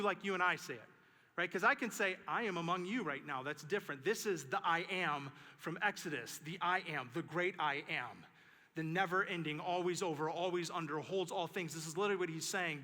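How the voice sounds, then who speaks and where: A male pastor preaching a sermon in a church, telling stories in an animated way and repeating key phrases for emphasis. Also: on the high side, a little fast. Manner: animated storytelling with emphatic repetition. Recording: echoey church sanctuary.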